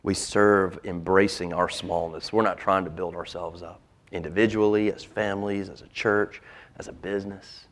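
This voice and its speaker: Deep-voiced pastor whispering for emphasis. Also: male voice, steady tone, moderate pace. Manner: dramatic swings from loud emphasis to hushed whispers. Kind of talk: sermon.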